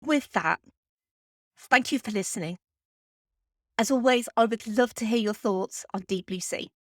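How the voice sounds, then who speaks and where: A woman hosting a film podcast, talking in an earnest, heartfelt way with pauses while close to tears. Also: fairly high pitch, no echo. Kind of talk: heartfelt spoken podcast tribute.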